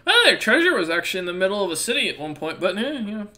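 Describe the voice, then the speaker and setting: A man running a tabletop game as game master, relaxed and full of fillers. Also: sits high, rapid-fire.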